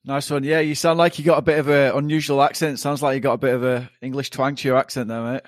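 A man hosting a podcast, friendly and relaxed, often restarting his questions. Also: mid-range voice, quick pace, no echo, clean studio sound. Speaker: podcast host. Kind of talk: casual interview.

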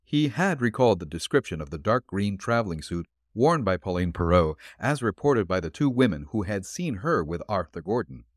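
A man reading a detective story aloud in a steady, measured storytelling manner. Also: fairly low pitch, no echo, studio quality. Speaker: audiobook narrator. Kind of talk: scripted narration of a detective story.

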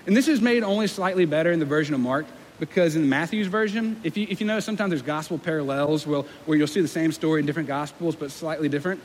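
A young man preaching a sermon as pastor, in a conversational, self-deprecating way, with lively acted-out quotes. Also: on the high side, quick pace, hardly any pauses. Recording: long hall reverb with faint room noise.

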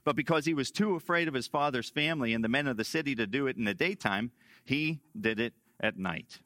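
A male pastor preaching a sermon emphatically, repeating key phrases and swinging between loud stresses and hushed lines. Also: medium pitch, brisk, no echo.

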